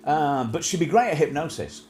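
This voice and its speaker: Lively, animated man chatting. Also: fairly high pitch, moderate pace, noisy background. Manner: rambling, mocking, playful put-on voices. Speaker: live stream host. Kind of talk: casual comic chat.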